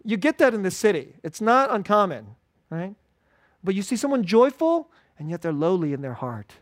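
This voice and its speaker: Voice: medium pitch, dry recording, clean studio sound. A pastor giving an informal, conversational sermon at a church service, repeating key phrases and chuckling often.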